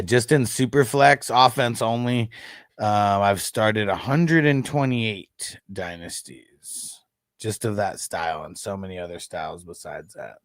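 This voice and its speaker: A man's voice: fairly low pitch, a little slow, dry recording, clean studio sound. A man in his thirties hosting a fantasy football livestream, chatting casually with viewers in a laid-back, slangy way, with frequent swearing and laughter.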